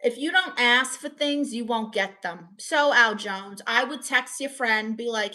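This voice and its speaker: A woman's voice: a little high, a little slow, hardly any pauses, pushed and bright. A woman with a New York accent hosting a livestream, reading the chat and giving playful, sassy advice.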